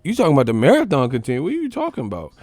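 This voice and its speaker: A man's voice: a little high, wildly swooping pitch, racing, a little mellow, no echo. A man hosting a boxing channel, ranting casually on a live stream in a profane, mocking, rambling way.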